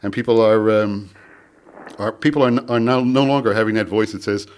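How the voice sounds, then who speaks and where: A man's voice: lowish voice, fairly even intonation, a little fast. A man appearing as a guest on a radio talk show, answering callers in a hesitant way with many fillers. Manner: hesitant, full of fillers, chuckles often. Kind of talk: call-in radio conversation.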